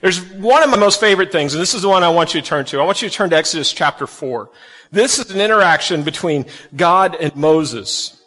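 A man preaching a sermon to kids and families, folksy and animated, acting out the quotes he reads. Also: on the high side, fairly quick, in a large hall. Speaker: pastor.

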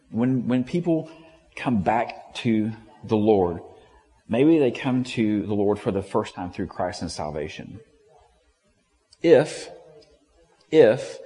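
A man's voice: medium pitch, mellow. Male pastor, conversational sermon, voices the characters he quotes, reverberant church sound. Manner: conversational, acts out quotes with shifting tone. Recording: long hall reverb.

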